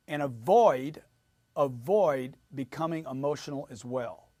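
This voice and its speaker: A man's voice: medium pitch, animated, a little slow, a little mellow, no room sound, studio quality. A man giving an emphatic motivational sales lesson, repeating his points as he coaches. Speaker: sales trainer.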